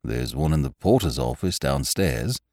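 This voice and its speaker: A man's voice: extremely low pitch, expressive, normal speed, a little mellow, no room sound, studio quality, voice pushed down. A man doing a deferential lift attendant. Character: polite, calm male lift attendant.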